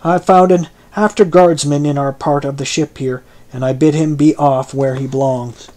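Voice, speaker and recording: A man's voice: on the high side, steady tone, moderate pace, darkish tone, lightly acted. A man voicing a stuttering young sailor. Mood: calm. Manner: resentful, hot-tempered outbursts.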